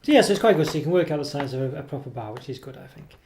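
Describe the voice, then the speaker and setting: A man's voice: on the high side, lively intonation, rapid-fire, a little mellow, a little hiss or hum. Rambling man reviewing chocolate. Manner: rambling and hesitant, with many ums and self-corrections; self-deprecating. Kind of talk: casual product review.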